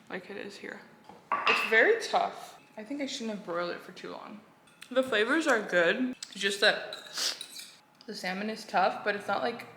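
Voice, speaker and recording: A woman's voice: mid-range voice, fairly bright tone, a little hiss or hum. A woman chatting to her viewers as she cooks, chatty and self-deprecating. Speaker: vlogger. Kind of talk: casual vlog chat while cooking. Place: home kitchen. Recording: echoey kitchen with clattering dishes.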